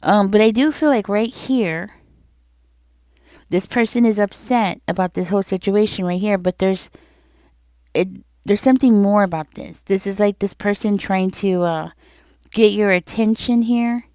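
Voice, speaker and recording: A tarot reader talks to her viewers in a laid-back reading, looping back over things and checking in with them regularly. She has a mellow, medium-pitched voice and takes her time. No room sound is audible.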